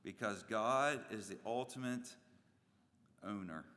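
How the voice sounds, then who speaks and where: Animated preacher, bright voice, echoing hall. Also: male voice, takes it slowly. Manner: animated preaching, acting out voices with big swings in pitch and loudness. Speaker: pastor. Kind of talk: sermon. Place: church sanctuary. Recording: long reverb of a church hall.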